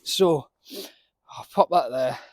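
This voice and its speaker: A man's voice: on the high side, slow pace, dry recording, studio quality. A man giving a casual, chatty running commentary while he works on his allotment garden outdoors, often laughing and talking to himself.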